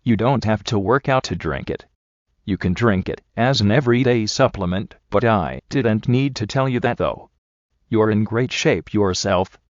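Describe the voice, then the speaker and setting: A man voicing a smooth, menacing male motivational speaker who talks in a slow, persuasive, coaxing way. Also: on the low side, no room sound, highs cut off, lightly acted.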